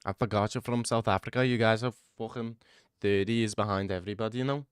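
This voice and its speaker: A man's voice: fairly low pitch, fairly even intonation, fast talker, clean tone, no echo, natural voice. Chummy bloke who rambles and says "eh, lads", a man putting it on, clean and close on the mic. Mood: mocking. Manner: rambling, tags lines with "eh" and "you know".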